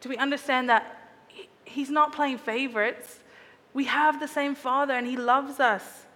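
A woman's voice: sits high, steady tone, unhurried, a bit bright, big-room sound. A woman preaching a sermon in an earnest, reflective way, often asking her listeners searching questions.

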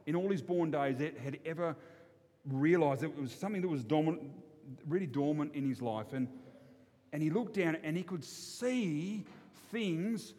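A man's voice: on the high side, moderate pace, mellow. An Australian man telling a fable in a folksy, rambling way with many restarts. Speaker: storyteller. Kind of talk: told fable. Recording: long hall reverb.

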